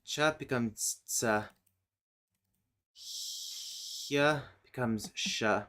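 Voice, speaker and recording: Slow, muttering man thinking aloud. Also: mid-range voice, bright, forceful tone. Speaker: streamer. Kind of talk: casual chat while working on a language.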